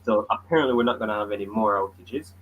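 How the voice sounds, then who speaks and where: A man's voice: lowish voice, fast, lo-fi sound. A man from Jamaica co-hosting a casual sports podcast, talking in a blunt, joking and opinionated way. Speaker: podcast co-host. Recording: faint background noise.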